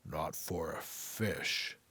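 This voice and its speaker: A man reading a storybook and voicing a wise, playful talking tree in whispered role-play, low and gentle. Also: extremely slow, husky, dry recording, full character voice. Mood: patient.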